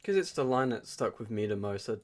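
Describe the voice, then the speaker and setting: A man co-hosting a podcast, chatting casually and quoting favorite lines and memes in lively bursts. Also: lowish voice, fast. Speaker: podcast co-host. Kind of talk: casual chat.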